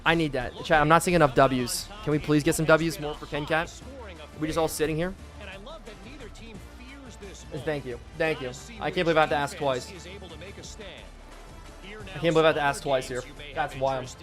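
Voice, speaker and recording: Hoarse hyped young man streaming. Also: a little high, fairly even intonation, normal speed, soft background music. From Pennsylvania. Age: 20s. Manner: hyped, chatty, shouting out viewers. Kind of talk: live game-stream commentary.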